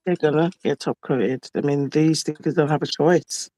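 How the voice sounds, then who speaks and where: A woman hosting a casual nail chat, relaxed and frank, swearing offhandedly while she works. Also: low voice, normal speed. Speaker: nail artist host.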